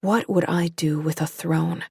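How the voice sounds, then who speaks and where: A woman's voice: lowish voice, fairly even intonation, measured pace, gravelly, a little mellow, husky, dry recording, exaggerated voice. A woman reading a desperate young woman who pleads, close to tears, her voice rising. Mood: pleading.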